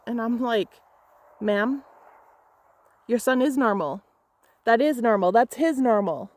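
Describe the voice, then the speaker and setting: A fairly high-voiced young woman tells a photography client story straight to camera. She is heated and emphatic, and she swears freely as she retells the clash. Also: lively intonation, slow pace, pauses often, a little mellow. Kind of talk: angry storytime vlog.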